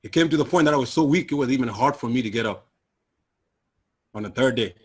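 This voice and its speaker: A man's voice: fast talker, husky. Earnest man telling a personal testimony. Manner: earnest, emotional, drops low and quiet for hard memories. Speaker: guest sharing personal testimony.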